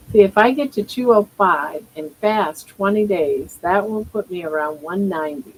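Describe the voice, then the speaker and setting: A woman's voice: mid-range voice, moderate pace, hardly any pauses, slight background noise, poor audio. An older woman hosting a casual live stream from home, talking baby talk to her pet and musing aloud about her weight.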